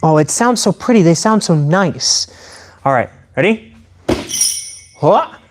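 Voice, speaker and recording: A man live-streaming a demonstration of improvised weapons. He talks to his chat in an excitable, playful way. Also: fairly high pitch, slow pace, background noise. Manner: excitable and playful, addressing viewers directly.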